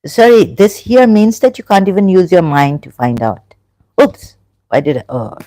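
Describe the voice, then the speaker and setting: A host from England talking through a religion discussion in a casual live chat, halting and thinking aloud as they go. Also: medium pitch, sing-song, dark tone, no echo.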